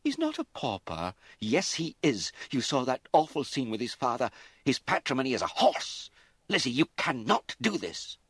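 Guy doing a highborn mom, scolding and bitter, voice pushed up high. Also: animated, moderate pace, fairly bright tone, dry recording. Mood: furious. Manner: wailing, scolding, rising to fury. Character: aristocratic middle-aged mother, anxious and bitter.

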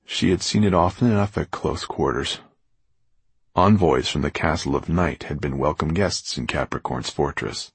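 A man narrating a novel aloud with expressive storytelling. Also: extremely low pitch, vocal fry, slightly rough, no echo. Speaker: audiobook narrator. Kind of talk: scripted narration.

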